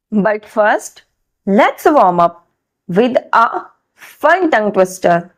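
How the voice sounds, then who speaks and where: A woman vlogger narrating a scripted vlog about her English practice, speaking slowly and deliberately with careful pronunciation. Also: on the high side.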